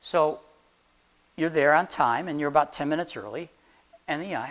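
This classroom talk on job interviews comes from a chatty instructor whose mid-range voice is fairly bright, at normal speed with frequent pauses. The advice is practical and delivered loosely, with regular questions to the room and jokes that make the speaker laugh.

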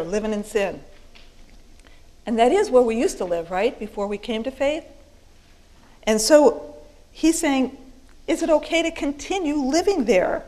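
A woman's voice: medium pitch, darkish tone, poor audio. Woman teaching a Bible study. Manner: explanatory, emphatic, with fillers and restarts.

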